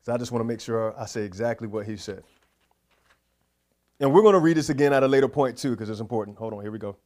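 A man's voice: mid-range voice, fast, a little mellow. A man preaching a sermon, fervent and prayerful, repeating his exhortations.

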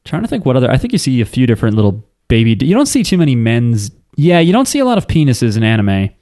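A man's voice: medium pitch, wildly swooping pitch, fast talker, warm tone, no echo, studio quality. A man co-hosting a casual podcast, recapping an anime with crude jokes and acted-out quotes. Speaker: podcast co-host.

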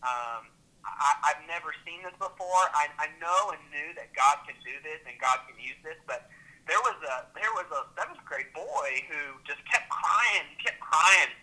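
A man, a teacher, telling a faith story with lively repeats and restarts. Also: a little high, moderate pace, poor audio. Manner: animated, repeats words and restarts. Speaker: teacher and Christian club leader.

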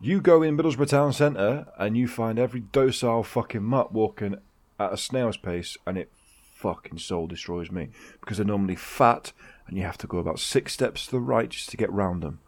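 A man's voice: on the low side, moderate pace. A man co-hosting a podcast, ranting in casual banter with heavy swearing. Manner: grumbling rant, heavy swearing. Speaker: podcast co-host.

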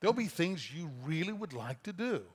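A middle-aged male pastor delivers a sermon in a conversational, storytelling way. His voice sits a little high for a man. He drops into quick acted-out quotes before returning to his teaching. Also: big pitch swings, husky.

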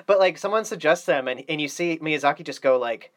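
A man's voice: on the high side, fairly quick. A man co-hosting a podcast, chatting casually in a rambling way and swearing often. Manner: rambling and animated, swears a lot. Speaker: podcast co-host.

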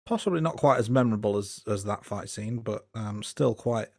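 A man's voice: on the low side, moderate pace, no echo, studio quality. A man co-hosting a podcast, chatting casually and thoughtfully about a film with frequent hesitations. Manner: relaxed, thoughtful, hesitant with fillers. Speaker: podcast co-host. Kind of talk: casual film review chat.

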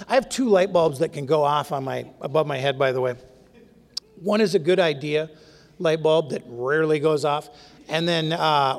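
Wry man telling his story in a hall. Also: on the high side. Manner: wry, self-mocking, candid. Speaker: speaker sharing his recovery story. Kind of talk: humorous personal storytelling talk. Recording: long reverb of a hall.

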